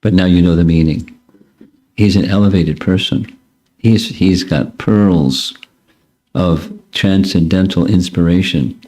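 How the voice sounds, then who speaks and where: A man's voice: deep voice, measured pace, darkish tone. An older man, a spiritual teacher, answering students' questions in a blunt, curt way. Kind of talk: casual Q&A with students.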